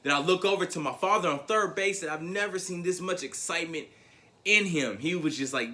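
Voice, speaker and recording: A man from Tennessee, giving a convention keynote as a motivational speaker and telling a story with animated swings between loud and hushed delivery. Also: high voice, moderate pace.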